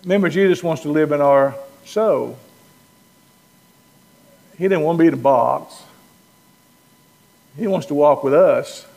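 A man preaching a sermon, playful and animated, acting out the lines of Bible figures. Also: on the high side, a little slow, creaky, pauses often. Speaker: pastor. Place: church. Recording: long reverb of a church hall.

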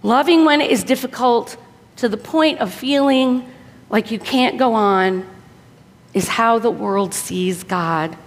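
A woman preacher giving an earnest, exhorting sermon, often dropping soft for emphasis. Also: on the high side, takes it slowly. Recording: long hall reverb.

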